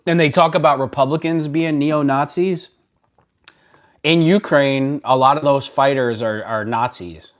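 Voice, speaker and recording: A man hosts a casual live stream, talking straight to his viewers at his computer mic. He is blunt and rambling, breaks off and restarts sentences, and swings from loud outbursts to low mutters. His voice sits at an ordinary middle pitch. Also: fairly even intonation, a little slow. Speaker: livestream host. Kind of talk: casual live-stream chat reading comments.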